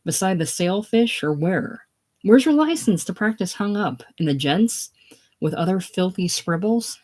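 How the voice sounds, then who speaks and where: A reader doing a brash, combative middle-aged woman from a casual play reading, loud and scornful. She mocks and jeers at everyone around her. The pitch sits in a middling range. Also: expressive, a little slow. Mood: mocking.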